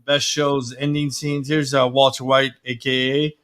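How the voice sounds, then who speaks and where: A man's voice: medium pitch, level tone, measured pace, very noisy. A man hosting a casual talk show, rambling along with lots of "you know" and "uh". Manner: rambling, many fillers. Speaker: podcast host. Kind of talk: casual chat.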